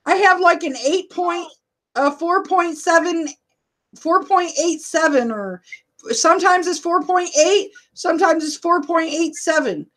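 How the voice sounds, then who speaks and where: A middle-aged woman hosting a casual livestream, loud and laughing often as she reads viewer comments. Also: extremely high pitch, unhurried. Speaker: livestream host and rideshare driver.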